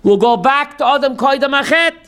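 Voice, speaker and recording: High-voiced rabbi teaching slowly, gravelly. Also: male voice. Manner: call-and-response, asking the class "what?"; animated, drops into quoted voices. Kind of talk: teaching a class on Jewish theology.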